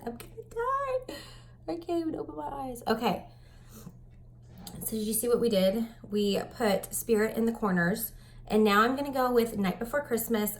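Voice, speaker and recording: A woman in her thirties chatting through a casual makeup tutorial, stuffy and breathing heavily, with self-mocking soft asides. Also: medium pitch, gravelly, a little hiss or hum. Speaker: makeup vlogger.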